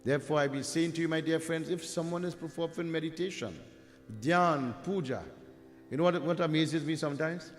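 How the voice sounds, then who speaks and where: A man's voice: fairly high pitch, a little fast. A man preaching a devotional sermon, emphatic and repetitive, addressing his listeners directly. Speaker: Hindu preacher. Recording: reverberant hall with faint music.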